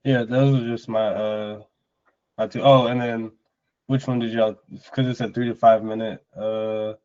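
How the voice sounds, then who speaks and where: A man in sales training, relaxed and slangy, reading a prepared script aloud. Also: fairly low pitch, unhurried. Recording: muffled lo-fi call audio.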